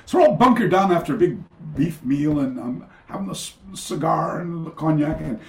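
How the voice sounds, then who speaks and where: A man's voice: a little high, lively intonation, moderate pace, creaky. Rambling male storyteller in an echoey room. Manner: rambling, self-interrupting, many fillers and restarts. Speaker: karate master, podcast guest. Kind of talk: anecdotal storytelling in a remote interview. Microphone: video call.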